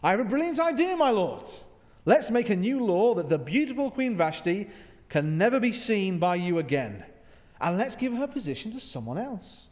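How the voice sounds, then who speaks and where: Fawning Glaswegian male courtier, put on by a preacher, high and loud, in a reverberant church. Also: sing-song, normal speed. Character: scheming male royal advisor, fawning.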